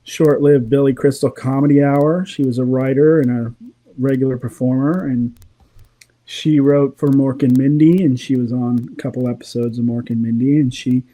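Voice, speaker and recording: A man's voice: mid-range voice, fairly even intonation, moderate pace, dark tone. A middle-aged man, a voice actor and comedy writer, telling stories in a rambling way and chuckling often in a casual chat.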